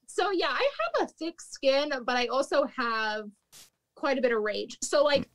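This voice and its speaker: Chatty higher-voiced woman telling stories. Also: expressive, a little slow. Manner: chatty, peppered with "like", laughs often. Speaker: guest, former restaurant manager. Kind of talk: casual storytelling chat.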